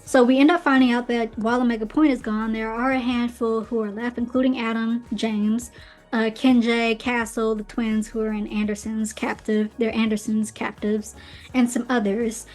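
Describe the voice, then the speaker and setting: Chatty woman with a fairly high voice. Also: level tone, normal speed, darkish tone. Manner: chatty, opinionated, recaps plots with playful asides. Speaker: podcast host reviewing books. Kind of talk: casual commentary. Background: faint background music.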